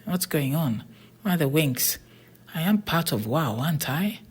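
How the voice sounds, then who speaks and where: A sulky boy twin who pleads and whines, as a breathy narrator voices him. His lines rise higher in a storybook reading. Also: very animated, measured pace, heavily acted. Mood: pleading. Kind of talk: storybook character voice.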